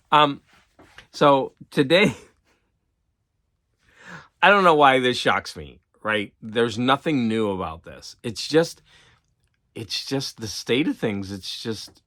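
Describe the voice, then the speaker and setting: A man's voice: on the low side, fairly bright tone. A middle-aged man, a teacher and collector, talking to camera in a loose, rambling monologue full of "like" and restarts. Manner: rambling, repeats himself, filler-heavy with "like".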